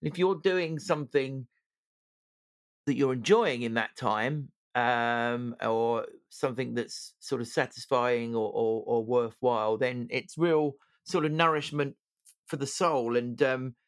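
A man's voice: medium pitch, a little slow, no room sound. Guy co-hosting a chat, rambly w lots of ums, pretty dry sound. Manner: chatty, many fillers and restarts. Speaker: podcast co-host. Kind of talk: casual chat.

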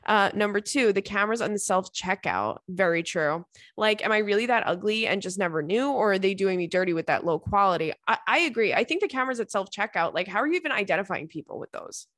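A woman's voice: medium pitch, animated, fast, few pauses, a bit bright, no room sound, clean studio sound. Chatty young woman podcast host. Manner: chatty, rambling, lots of likes and ums. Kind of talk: casual chat reading listener messages.

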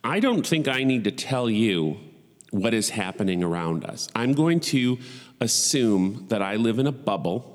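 Man in his forties, low voice, rambling podcast chat, profane and wry, long echoing reverb. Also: very animated, a little slow. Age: 40s. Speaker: podcast host. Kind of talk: casual solo chat.

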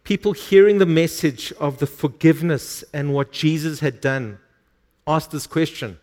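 A man's voice: on the high side, moderate pace, a little mellow. A male pastor preaching a sermon, reading scripture aloud and stressing words emphatically.

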